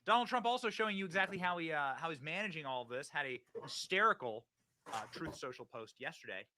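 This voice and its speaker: A man hosting a live show, talking in a hyped, preachy way that swings from loud bursts to hushed asides. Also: on the high side, expressive, fast. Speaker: show host. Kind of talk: casual livestream talk.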